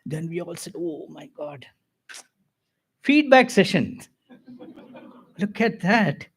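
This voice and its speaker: An older man with an Indian accent and a high-set voice gives a devotional talk as a spiritual speaker. He fills it with personal stories and keeps it lively with chuckles and asides.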